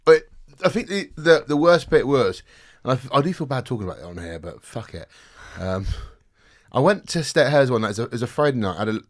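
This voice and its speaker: Sweary, animated man telling a story. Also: mid-range voice, fast. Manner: swears a lot, animated storytelling, laughs often. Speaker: podcast guest telling a story. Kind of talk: casual chat.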